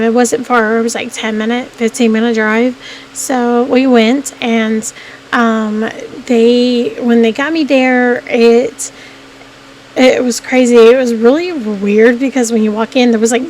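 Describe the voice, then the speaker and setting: A woman's voice: on the high side, darkish tone, slight background noise, low-quality recording. A woman telling a personal story to her viewers in a casual vlog, rambling and restarting her sentences often. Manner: rambling, with frequent restarts and "I mean" fillers. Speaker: vlogger.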